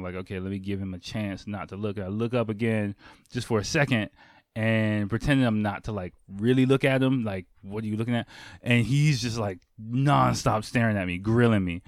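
A man's voice: on the low side, no echo, clean studio sound. A man from the United States telling a casual anecdote, laid-back and full of fillers, laughing often. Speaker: storyteller.

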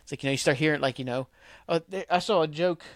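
A man's voice: a little high, fast, no echo, clean studio sound. A man hosting a podcast, recapping a TV episode in a rambling, casual way full of fillers. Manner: rambling, filler-heavy, acts out characters' lines. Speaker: podcast host.

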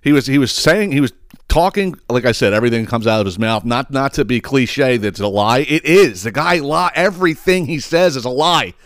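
A man's voice: mid-range voice, animated, fairly quick, fairly bright tone, no room sound, clean studio sound. A man hosting a podcast, ranting about politics with heavy swearing and repeated words. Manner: emphatic, swearing, repeats himself. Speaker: podcast host. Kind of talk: profane political rant.

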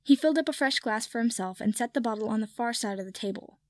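A woman narrating a piece of fan fiction aloud in a steady storytelling manner. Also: on the high side, fast talker, no echo. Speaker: reader.

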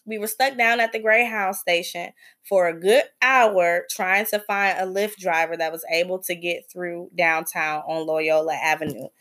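A woman hosting a podcast, telling a travel story in a blunt, profane, animated way. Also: lowish voice, normal speed. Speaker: podcast host. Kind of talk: casual storytelling.

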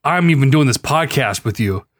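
A young man co-hosting a casual gaming podcast, animated and quick to swear and laugh. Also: medium pitch, no room sound, clean studio sound. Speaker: podcast co-host. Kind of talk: casual chat.

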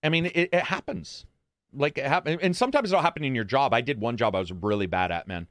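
A man's voice: medium pitch, animated, quick pace, a bit bright, no echo, clean studio sound. A man hosting a casual chat, telling stories in a blunt, profane way. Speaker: podcast host.

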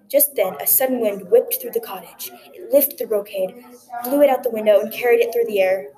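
A woman telling a folktale aloud in a gentle, expressive narrating voice. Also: on the high side, brisk, low-quality recording. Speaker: storyteller. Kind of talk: folktale reading.

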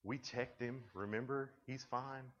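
A man's voice: mid-range voice, steady tone, measured pace, a bit bright, lightly acted. A man voicing two bored male palace guards who mutter to each other while waiting outside a door. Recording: dull lo-fi recording.

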